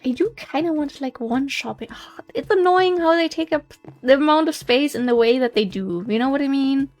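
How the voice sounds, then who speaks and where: A woman's voice: sits high, moderate pace, darkish tone, faint music behind. A woman with a slight German accent, thinking aloud as she hosts a casual gameplay commentary, musing and hesitant. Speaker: let's play host.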